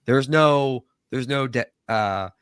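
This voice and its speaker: A man's voice: medium pitch, takes it slowly, clean tone, no room sound. A man chatting casually on his own live stream, reading comments aloud and joking between them. His voice sits in a middle range and tends to crack. The sound is dry and close, with no room behind it. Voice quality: voice cracks often. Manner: animated, joking, quotes others in put-on voices.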